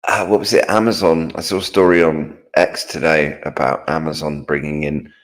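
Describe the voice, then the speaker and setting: A man co-hosting a live stream, relaxed, reading out viewer comments and answering them. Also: a bass voice, normal speed. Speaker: co-host. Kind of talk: casual live-stream chat.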